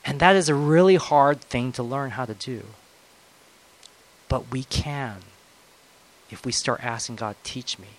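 A man preaching a conversational sermon, swinging between loud, emphatic moments and soft, reflective ones. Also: mid-range voice, unhurried, pauses often, low-quality recording.

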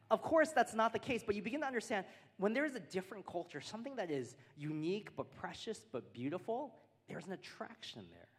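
A man's voice: high voice, sing-song, fast, slightly rough. An American man, a pastor, preaching a sermon in a church hall, earnest and building his points through repeated phrases. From United States. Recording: long hall reverb.

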